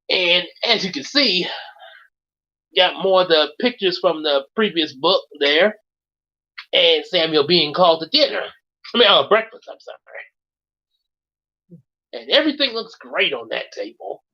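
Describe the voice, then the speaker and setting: A woman's voice: on the low side, lively intonation, unhurried, long pauses, sharp tone. Giggly woman reading a storybook. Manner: laughs at own voices. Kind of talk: storybook reading with chatty asides. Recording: dull lo-fi audio.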